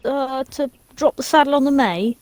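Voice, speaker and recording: A woman talks her father through a co-op game, steady and reassuring, giving the directions. Her voice is slightly high, and it sounds dry and close, with no room around it. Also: normal speed, dry recording. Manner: practical, reassuring, takes charge. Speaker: co-player, the host's daughter. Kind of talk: casual co-op gameplay chat.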